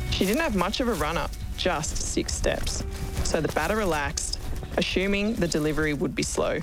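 A woman with an Australian accent, a cricketer, reading a children's story aloud in a lively, expressive way. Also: lowish voice, moderate pace. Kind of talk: storybook narration. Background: background music.

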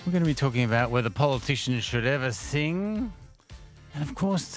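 A man's voice: mid-range voice, animated, normal speed, soft background music. An Australian man hosting breakfast radio in a studio, chatting casually, laughing easily and tripping over his words now and then. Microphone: studio microphone.

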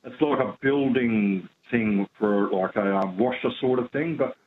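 A man's voice: medium pitch, unhurried. A man calling in to a radio show, hesitant and searching for words. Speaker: caller. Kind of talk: phone-in question. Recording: dull phone-in line with faint noise.

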